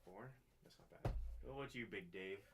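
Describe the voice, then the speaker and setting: A young man in a casual chat, relaxed and matter-of-fact. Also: lowish voice, normal speed. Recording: music playing behind. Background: music.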